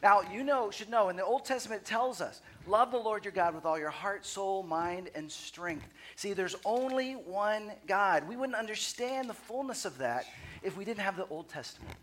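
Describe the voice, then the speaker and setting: A man's voice: high voice, expressive, normal speed, a bit bright, a little hiss or hum. A man preaching on a church stage, flustered and breaking off into joking asides. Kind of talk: comic sermon challenge.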